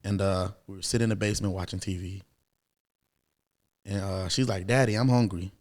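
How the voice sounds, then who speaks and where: A man in his thirties, a podcast guest, telling a personal story in a casual, animated way. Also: sits low, normal speed. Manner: animated, acts out quoted voices, many fillers.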